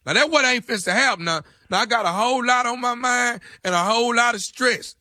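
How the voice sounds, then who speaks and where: A man playing a stubborn jailed guy, high and bright. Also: a little fast, dry recording, exaggerated voice. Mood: insistent. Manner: insistent, streetwise slang, repeats "hold up". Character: stubborn male jail inmate calling out a rival. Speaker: prank caller.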